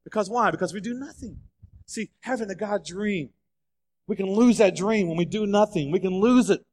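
A man preaching a sermon, telling the story with lively changes of voice as he acts out the figures. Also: sits high, moderate pace. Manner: animated storytelling, acting out quoted voices. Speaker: pastor. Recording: long hall reverb.

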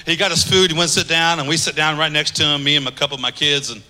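A man preaching a sermon, driving points home with emphatic repetition and easing into softer storytelling. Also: on the high side, steady tone, fast, in a large hall. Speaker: pastor.

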